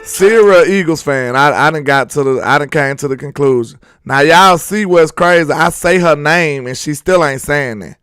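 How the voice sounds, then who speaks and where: Young guy on a sports stream roasting his chat, kinda high voice, music under it. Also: normal speed, hardly any pauses, clean tone, no room sound. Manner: loud trash talk, laughing and teasing viewers. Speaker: sports channel host. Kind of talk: live stream reading viewer comments.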